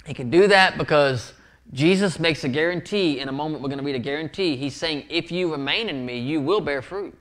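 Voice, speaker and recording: A man's voice: on the high side, fairly quick, fairly bright tone. A man preaching a sermon as pastor, earnest and often repeating words for emphasis. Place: church sanctuary.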